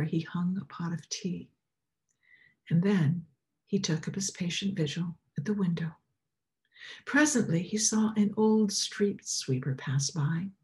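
Woman preacher, storytelling in a sermon, expressive reading that drops near a whisper. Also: mid-range voice.

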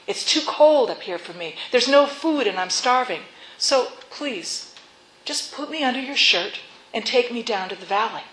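A woman's voice: a little high, normal speed. A woman voicing a sly, persuasive male rattlesnake that pleads and speaks coldly, recorded in an echoey room. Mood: pleading. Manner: pleading, then cold and flat.

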